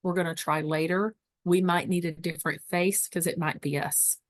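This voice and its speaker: A woman's voice: lowish voice, fairly even intonation, moderate pace, no echo, studio quality. A woman giving a webinar lesson on dementia care, teaching emphatically and repeating key phrases. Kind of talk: webinar presentation.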